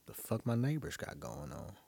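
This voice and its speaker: This Brooklyn, New York native is young and male, with a lowish, creaky, mellow voice that has a breathy edge. His pitch swings widely at a moderate pace. He rambles through a profane, casual monologue for his listeners, with frequent laughs.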